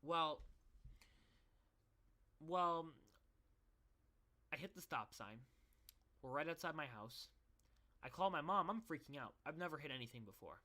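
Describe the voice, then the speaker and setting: A man's voice: fairly high pitch, animated, unhurried, pauses often, bright, forceful tone. A young man telling a personal story in a casual, rambling way, swearing and restarting often. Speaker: vlogger.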